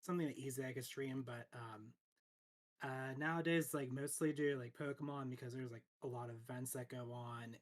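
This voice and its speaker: A man's voice: medium pitch, steady tone, moderate pace. A man chatting casually as a streamer guest, rambling with lots of fillers, restarts and frequent laughter. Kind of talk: casual chat.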